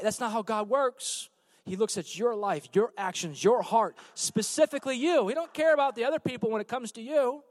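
A man preaching a sermon as pastor on a church stage, swinging from hushed, low passages to loud emphatic calls out to the congregation. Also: sing-song, brisk, no echo.

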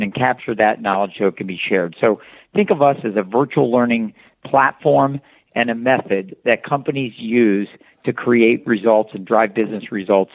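A man, a company founder, answering interview questions at length, explaining with examples and frequent restarts. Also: medium pitch. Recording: tinny phone line, dry.

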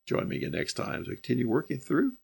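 Gravelly, husky male Bible teacher. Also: medium pitch, wildly swooping pitch, quick pace, a little mellow. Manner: conversational, explaining Greek verb tenses.

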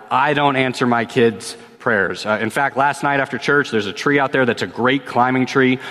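A man, a pastor in his thirties, preaching and answering questions in a relaxed, conversational way, often repeating a word as he starts a sentence. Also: medium pitch. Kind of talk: sermon with Q&A. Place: church sanctuary. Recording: long reverb of a church hall.

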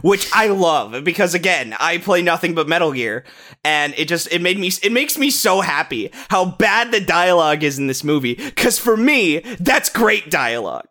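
A young man on a casual podcast, rattling off his opinions with excitement and plenty of swearing. His voice sits a bit higher than most men's. He trips over his own words and restarts often as he rushes ahead. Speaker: podcast co-host. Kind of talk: casual movie-review chat.

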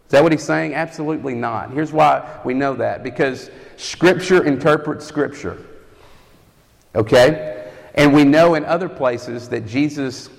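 A man's voice: medium pitch, a little slow, creaky. A man preaching a sermon, teaching earnestly and asking his listeners rhetorical questions. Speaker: campus ministry preacher. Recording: long reverb of a hall.

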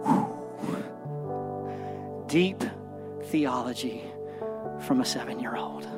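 A man's voice: mid-range voice, slow pace. A man in his thirties preaching an earnest sermon to a congregation, telling a story to make his point. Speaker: pastor. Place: church service. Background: soft background music.

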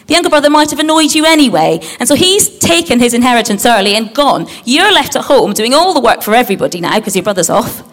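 A woman giving a lively Bible story talk to children, asking them questions and acting out the characters. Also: fairly high pitch. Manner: animated, acts out the characters, asks the audience questions.

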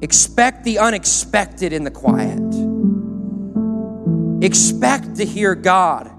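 Pastor, male, fairly high voice, exhorting sermon over loud guitar backing. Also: big pitch swings, takes it slowly. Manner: exhorting, repetitive, builds to loud celebration then drops soft.

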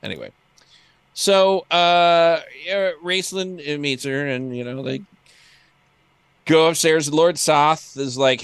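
Guy chatting casually, animated, laughs a lot, super dry close sound. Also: on the high side, slow pace, clean tone, no echo. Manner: animated, laughing, acts out quotes. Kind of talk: casual chat.

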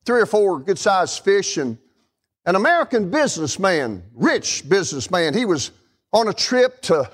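A middle-aged man preaches in a church with a folksy, animated delivery, often turning to talk to the congregation. His voice sits high for a man and swoops up and down with lively expression. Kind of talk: sermon.

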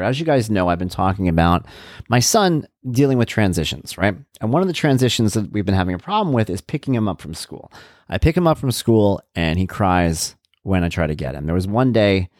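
A man's voice: low-pitched, a little mellow, dry recording, clean studio sound. A middle-aged man hosting a podcast, talking candidly and reflectively in a casual monologue. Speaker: podcast host.

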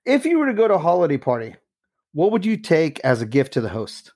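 Lively laid-back male podcast host. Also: on the high side, fast. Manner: laid-back, laughs often, swears. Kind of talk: casual interview.

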